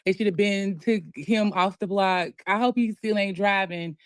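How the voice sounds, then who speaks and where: Caller: woman, mid-pitched, confident chatty delivery, dry close sound. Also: normal speed, dry recording. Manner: self-assured, chatty, drifting. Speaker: caller, tarot reader. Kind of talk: call-in chat.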